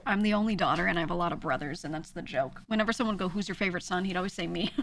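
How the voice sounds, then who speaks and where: A woman's voice: fairly low pitch, racing, creaky, slight background noise. Chatty woman streamer telling stories. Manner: animated storytelling, laughs often; chatty, many "like" fillers. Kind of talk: casual chat.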